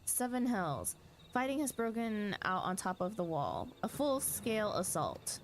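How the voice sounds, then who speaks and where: A woman's voice: medium pitch, very animated, measured pace, a little hiss or hum, pitched above the performer's own voice. A woman reading as an alarmed soldier with news.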